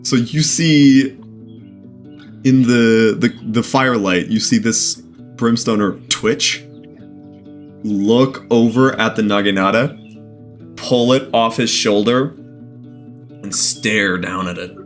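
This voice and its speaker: A man running a tabletop game as game master, narrating scenes with laughs, swearing and quick asides. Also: fairly low pitch, soft background music.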